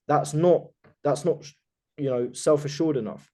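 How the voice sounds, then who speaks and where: A man's voice: a little high, expressive, moderate pace, dark tone. A man coaching a group on a video call, talking emphatically and with total self-assurance, swearing casually.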